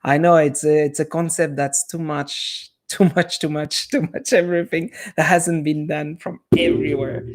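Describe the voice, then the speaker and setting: Gravelly-voiced man with a French accent. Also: fairly high pitch. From half Italian. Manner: rambling, chatty, restarts often. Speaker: live streamer. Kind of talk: casual live-stream chat with viewers.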